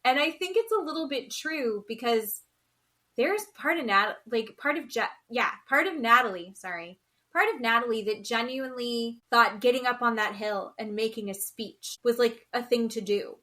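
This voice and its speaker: A woman with a bright, fairly high voice gives her frank opinions in a casual podcast chat. She sounds exasperated and piles on emphatic repeated phrases, and her tone is sharp and forward. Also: lively intonation, normal speed. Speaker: podcast co-host. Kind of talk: casual chat giving opinions on a reality show.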